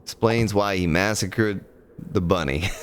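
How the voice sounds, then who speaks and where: A man's voice: mid-range voice, fairly bright tone, slight background noise. A man chatting casually and ramblingly while streaming a building game. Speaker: gaming streamer. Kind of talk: casual let's-play commentary.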